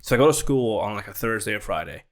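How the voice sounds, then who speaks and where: A young man co-hosting a podcast who tells stories in a lively, profane way, acting out both sides of an argument. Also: lowish voice, fast. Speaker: podcast co-host. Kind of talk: casual chat.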